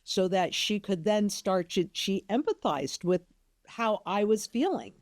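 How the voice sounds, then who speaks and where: A woman's voice: medium pitch, lively intonation, a little slow, dry recording, studio quality. An older woman hosting an interview, talking in an emphatic, chatty way about family. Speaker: interview host. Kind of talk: casual interview conversation.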